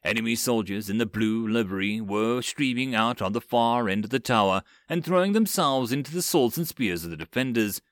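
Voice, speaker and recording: A man narrating a web novel audiobook with expressive storytelling. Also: mid-range voice, a little fast, hardly any pauses, no echo, studio quality.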